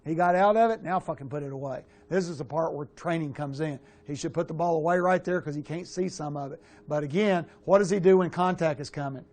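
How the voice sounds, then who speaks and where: A middle-aged man coaching quarterbacks, talking bluntly through game film with casual swearing and animated asides. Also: fairly high pitch, brisk, hardly any pauses. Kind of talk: film breakdown coaching talk.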